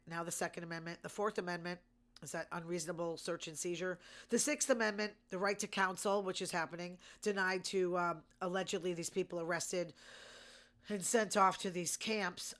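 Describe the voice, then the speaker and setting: A woman's voice: on the low side, fairly bright tone. Indignant woman ranting. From Massachusetts. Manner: indignant, sarcastic rants with rhetorical questions. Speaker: host. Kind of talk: casual news commentary.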